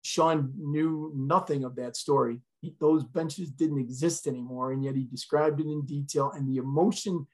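A man's voice: on the high side, steady tone, normal speed, hardly any pauses, darkish tone. Earnest middle-aged man telling a story. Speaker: retired fire chief, podcast guest. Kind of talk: personal storytelling.

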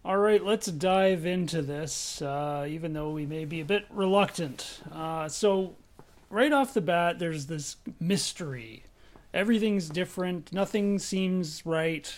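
A man co-hosting a podcast in casual chat. His voice sits somewhat high for a man, and he talks hesitantly with plenty of fillers. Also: measured pace. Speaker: podcast co-host.

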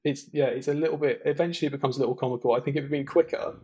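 A man's voice: medium pitch, steady tone, rapid-fire, darkish tone. A man co-hosting a podcast, chatting enthusiastically and rambling with many restarts. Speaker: podcast co-host. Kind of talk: casual film chat.

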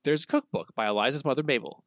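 A man's voice: medium pitch, lively intonation, fast talker, dry recording. Dry matter-of-fact podcast man, muffled mic. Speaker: podcast co-host. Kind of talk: casual podcast chat.

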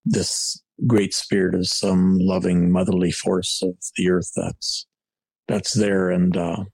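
A man shares his recovery story in a candid, reflective way, often circling back to restart a sentence. His voice sits low, with a gravelly edge and a husky texture. The recording is close and dry. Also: level tone, slow pace, a little mellow, no echo, rough recording. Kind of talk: personal storytelling in conversation.

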